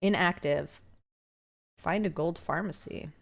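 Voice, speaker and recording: A woman's voice: lowish voice, takes it slowly, vocal fry. A young adult woman livestreaming, rambling casually to her chat with many fillers and curse words.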